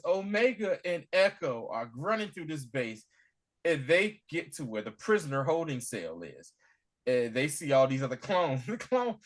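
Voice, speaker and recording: A man co-hosting a casual recap chat, retelling scenes with acted-out lines and laughter. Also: on the high side. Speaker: podcast co-host.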